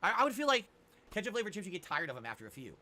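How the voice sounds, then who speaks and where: A man streaming live, answering chat questions with quick, opinionated rants. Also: sits high, huge pitch swings, bright, forceful tone. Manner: rapid, opinionated ranting. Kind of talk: livestream chat reply.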